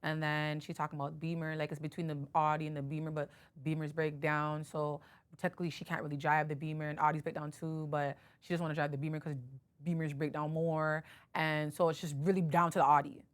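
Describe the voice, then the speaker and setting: A woman's voice: deep voice, level tone, fairly quick. A woman hosting a podcast, telling a story in casual chat, full of "like" and acting out both sides of a phone conversation. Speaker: podcast host.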